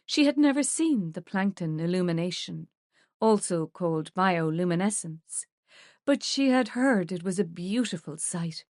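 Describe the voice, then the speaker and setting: A woman narrating an audiobook with a somewhat low, measured voice. Her reading is even and steady, and the recording is dry and close to the mic. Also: no echo. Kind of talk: scripted narration.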